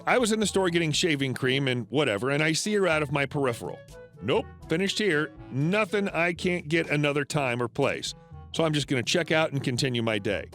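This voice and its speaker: A man with a fairly high voice reads first-person stories aloud. His pitch rises and falls a lot, so the telling sounds animated rather than flat. Soft music plays quietly under him. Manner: steady storytelling read with lively swings into quoted characters. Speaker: narrator. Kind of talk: scripted narration of online stories. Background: faint background music.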